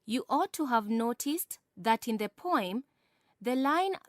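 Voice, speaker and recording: A woman teacher giving a scripted lesson narration in a slow, measured, clear manner. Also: a little high, expressive, dry recording, studio quality.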